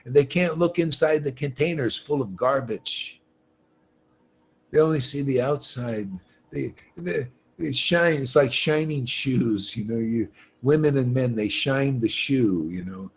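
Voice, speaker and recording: A man hosting a livestream, preaching with animated emphasis, repeating himself and laughing often. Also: mid-range voice, measured pace, breathy edge. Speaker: livestream host. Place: livestream setup.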